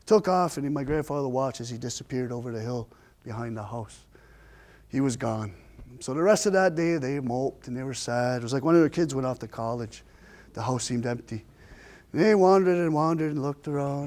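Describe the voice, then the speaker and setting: A man telling a family story in a lively, folksy storytelling style, with shifting pace and dramatic pauses. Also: mid-range voice. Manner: homespun, folksy phrasing. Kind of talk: oral storytelling.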